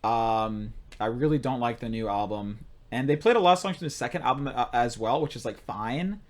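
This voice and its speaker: A young man co-hosting a podcast, telling stories in casual chat, excitable and rambling. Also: medium pitch, a little fast. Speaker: podcast co-host.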